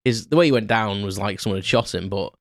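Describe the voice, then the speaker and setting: Rambling British man with a low voice. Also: quick pace, dry recording, clean studio sound. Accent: British English. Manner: rambling, many restarts and fillers. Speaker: podcast host. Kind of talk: unscripted solo storytelling. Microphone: close podcast mic.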